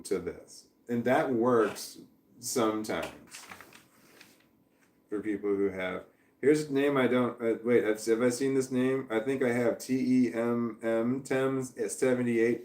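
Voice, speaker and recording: A man's voice: mid-range voice, darkish tone. Man ranting with frequent laughs, roomy echo. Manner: heated, swearing, laughing between sentences. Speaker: vlogger. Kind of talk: casual livestream rant.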